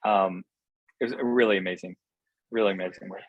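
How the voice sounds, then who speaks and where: A man's voice: low-pitched, steady tone, fairly quick, dry recording, muffled recording. A man being interviewed as a film director, talking in an earnest, enthusiastic way that often halts on fillers. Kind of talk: casual interview answers.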